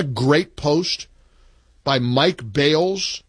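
A man's voice: a little high, animated, normal speed, fairly bright tone, no echo. A man hosting a talk radio show, speaking emphatically from a studio microphone. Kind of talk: talk radio, reading a post and taking calls.

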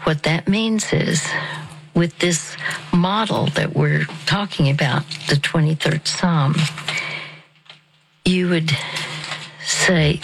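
Low, slow, half-whispering woman counselor. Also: gravelly, slight background noise, rough recording. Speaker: Christian counselor. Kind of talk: guided breathing exercise.

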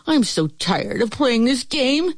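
A woman's voice: fairly high pitch, big pitch swings, slow pace, no echo, clean studio sound, voice pushed up, heavily acted. A woman voicing a tired, sorry male wolf in a storybook who just wants to be friends. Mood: weary. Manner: weary, pleading.

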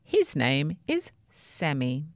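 A woman voicing a six-year-old girl who loves her toothbrush, in a high, childlike, pleading voice. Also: huge pitch swings, slow pace, no room sound, clean studio sound, heavily acted.

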